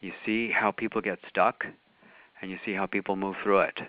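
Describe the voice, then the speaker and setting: A man teaching a workshop on a group call, explaining in a calm, patient way. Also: low-pitched, moderate pace, dry recording. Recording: phone-like call audio.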